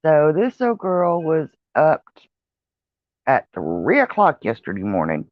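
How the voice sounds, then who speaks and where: Tired woman vlogger, slow chatty ramble, dry muffled sound. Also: low-pitched, wildly swooping pitch, dry recording. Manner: rambling, chatty, with many fillers and yawns. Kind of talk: casual vlog chat. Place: outdoor porch with traffic nearby.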